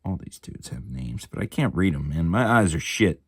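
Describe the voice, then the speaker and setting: A man in his forties talks casually in a home hobby room, relaxed and loose, dropping swear words and tag questions. His voice sits very low. The sound is dry and close, with no room echo. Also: normal speed, gravelly, husky. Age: 40s. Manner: laid-back, chatty, swears freely, keeps asking "right?". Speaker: miniature hobby channel host. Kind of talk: casual show-and-tell chat.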